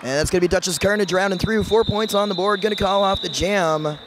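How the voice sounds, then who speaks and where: A man's voice: sits high, brisk, noisy background. A man giving easygoing play-by-play commentary on a roller derby bout, with dry quips. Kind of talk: live sports commentary.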